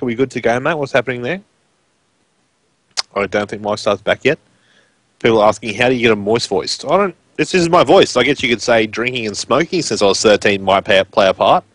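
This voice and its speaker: A man's voice: lowish voice, quick pace, fairly bright tone, no echo. A man with a broad rural Queensland Australian accent, chatting casually and rambling on a live stream as a guest commentator. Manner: rambling, informal, filler-heavy.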